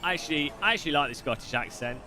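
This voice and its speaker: A man's voice: on the high side, lively intonation, sharp tone, a little hiss or hum. A man hosting a live stream, chatting casually and joking while commenting on a race. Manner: chatty, jokey, quick asides and laughs.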